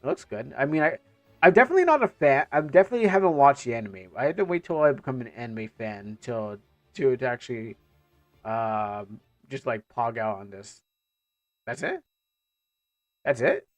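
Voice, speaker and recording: A man's voice: mid-range voice, big pitch swings, normal speed, no echo, soft background music. A man streaming casually, reacting to game trailers as he talks, rambling and stammering with joking asides.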